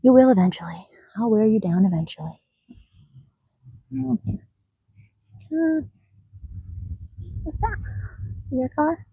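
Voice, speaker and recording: Donkey trainer, female, working outdoors. Gravelly and up close with no room sound. Soothing and coaxing, often whispering. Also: on the high side, big pitch swings, slow pace, pauses often, no room sound, lo-fi sound. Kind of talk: coaching an animal with asides to camera.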